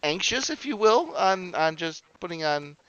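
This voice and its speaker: A man playing a tabletop game, talking in a hesitant, halting way. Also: sits high, sing-song, lo-fi sound, crowd noise. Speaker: player. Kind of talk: tabletop role-play.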